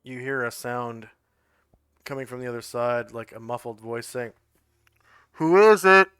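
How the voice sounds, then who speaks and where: A man running a tabletop game as game master, explaining rules in a relaxed, casual way. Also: mid-range voice, moderate pace, clear, resonant tone, no echo.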